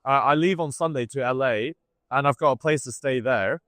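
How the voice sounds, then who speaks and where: A man's voice: medium pitch, normal speed, fairly bright tone, no room sound. A man from Britain, a guest on a livestream, talking in a rambling, casual way and laughing as he goes.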